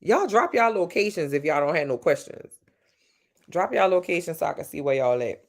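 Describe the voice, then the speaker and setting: A woman from Louisiana with a Southern accent, chatting casually with viewers on a livestream, swearing freely and jumping up and down in pitch. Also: lively intonation, a little fast. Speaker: livestream host.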